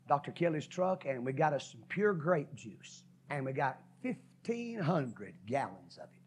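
A man preaching a sermon, folksy and dramatic, swinging from shouts to whispers and stretching out key words. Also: fairly high pitch. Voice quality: husky. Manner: preaching with sudden shouts and drops to a whisper, folksy, drawn-out stresses. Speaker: pastor.

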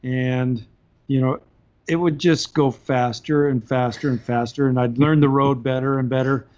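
A man telling a story on a podcast in a casual, animated way, laughing between points, heard on slightly dull audio. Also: mid-range voice, moderate pace. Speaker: podcast guest.

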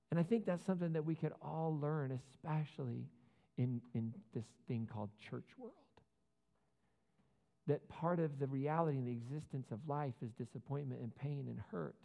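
A male pastor with a somewhat high, gravelly voice preaching in an earnest, conversational way. His words ring out with a long hall echo, and the sound is slightly muffled. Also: normal speed. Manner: conversational, earnest preaching with asides and rhetorical questions. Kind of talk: sermon.

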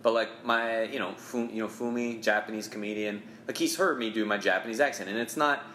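A man's voice: lowish voice, fairly even intonation, brisk, pushed and bright, echoey room, a little hiss or hum. A man in his thirties, a comedian from Ohio, talking bluntly and jokingly as a podcast guest. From Ohio, USA. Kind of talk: casual podcast conversation.

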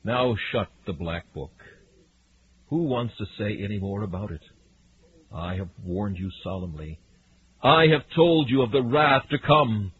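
A man preaching a fiery sermon, swinging from hushed warnings to loud cries. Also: fairly low pitch, lively intonation, measured pace. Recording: narrow lo-fi radio broadcast with faint hiss.

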